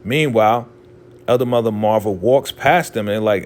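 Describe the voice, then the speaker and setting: A man hosting a casual show recap, telling the story in an animated way and acting out quotes. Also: fairly low pitch, moderate pace.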